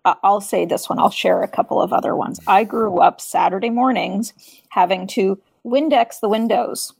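Gravelly, husky woman sharing a memory. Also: medium pitch, fairly even intonation, normal speed, darkish tone, no room sound. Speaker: panelist. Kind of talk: casual panel discussion.

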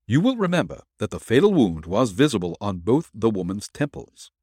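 A man voicing a calm, assured male detective in an audiobook, explaining step by step. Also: fairly low pitch, breathy edge, dry recording, studio quality. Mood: measured. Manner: measured, explaining.

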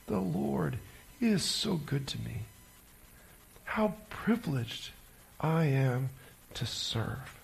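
A man doing a gentle old nun, soft-spoken. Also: fairly high pitch, very animated, takes it slowly, vocal fry, pauses often, heavily acted. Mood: gentle joy. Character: elderly nun, gentle and joyful.

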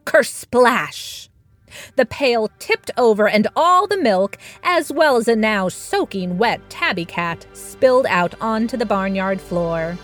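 A woman narrating a children's story she wrote, slow and expressive, recorded close and dry. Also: medium pitch, soft background music. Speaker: storyteller and author.

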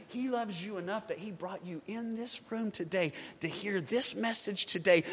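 High-voiced preaching man, bright tone. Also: husky, in a large hall. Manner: preachy, swings from loud to hushed. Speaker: pastor. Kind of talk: sermon.

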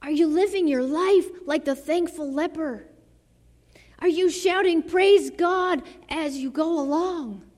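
In a large hall with long reverb, a high-voiced woman preaches a sermon at a slow, deliberate rhythm. Her delivery is dramatic, dropping to hushed phrases before rising into fervent exclamations.

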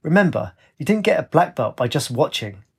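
A man reads as a tired, hollow young man in a storybook, his husky voice slow and heavy. The lilt stays plain and unforced. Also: a little high, sing-song, heavily acted. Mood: lively. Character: weary young man, drained and flat.

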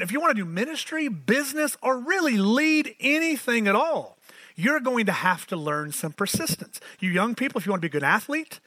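A man, preaching a sermon as pastor, animated and storytelling with self-mocking asides. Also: high voice, dry recording.

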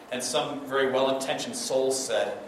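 Pastor preaching in a booming hall. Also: male voice, takes it slowly. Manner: conversational, asks the listeners "right?". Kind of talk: sermon. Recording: far from mic in an echoey hall, noisy.

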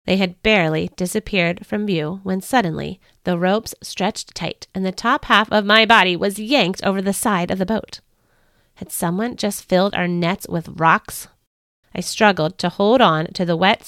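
Expressive woman reading a Bible storybook. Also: mid-range voice, moderate pace, no echo, studio quality. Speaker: author and podcast host. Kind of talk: reading a family devotional storybook aloud.

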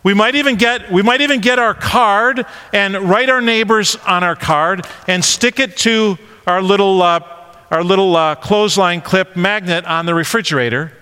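A man preaching a conversational sermon, animated and full of questions. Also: high-pitched, moderate pace, clean tone, long reverb tail.

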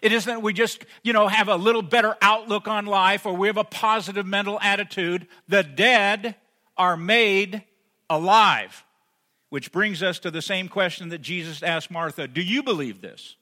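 High-pitched guy preaching, goes loud then hushed and close, big echoey church. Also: steady tone, a little fast, few pauses. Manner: builds to emphatic peaks, then drops soft and intimate. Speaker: pastor. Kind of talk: sermon. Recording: long hall reverb.

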